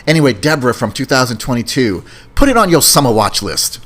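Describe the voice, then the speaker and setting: Brief: male podcast host, casual movie review chat, rambling, mid pitch. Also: sing-song, fast talker, fairly bright tone. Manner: rambling, repeats words.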